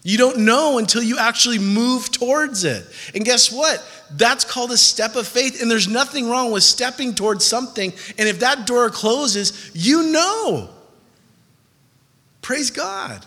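A man's voice: very high-pitched, normal speed, few pauses, pushed and bright. A man preaching a sermon in a casual, conversational way, acting out listeners' voices. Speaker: pastor. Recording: hall reverb.

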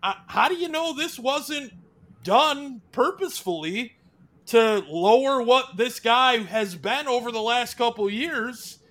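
A man's voice: extremely high pitch, slow pace. A man in casual sports chat, arguing his points emphatically, with swearing and frequent restarts. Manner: animated, emphatic, profane, lots of restarts.

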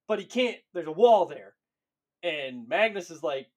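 A man co-hosting a podcast, retelling lore in casual, profane, animated chat and laughing often. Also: sits high, moderate pace. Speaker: podcast co-host.

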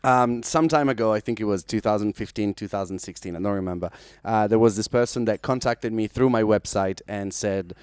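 A man's voice: fairly low pitch, brisk, clear, resonant tone, no room sound, clean studio sound. A man from Italy, a podcast guest, chatting casually and laughing often while he tells stories over a remote call. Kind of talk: casual chat.

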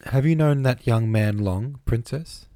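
A man's voice: mid-range voice, measured pace, mellow, no echo, studio quality, pitched above the performer's own voice, natural voice. A man voicing a kindly, good-humoured young count in an audiobook, amused and conversational. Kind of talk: audiobook reading.

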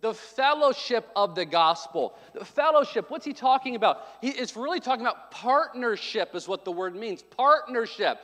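A man with a high voice preaches a sermon, slipping easily between joking, chatty asides and emphatic calls to his congregation. His voice rings out with a long, lingering reverb from a large church hall. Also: lively intonation, moderate pace, hardly any pauses, fairly bright tone. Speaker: pastor.

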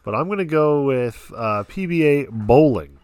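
A man's voice: mid-range voice, lively intonation, normal speed, darkish tone, slight background noise. A man playing as a contestant in a casual podcast quiz, answering with jokes and playful asides.

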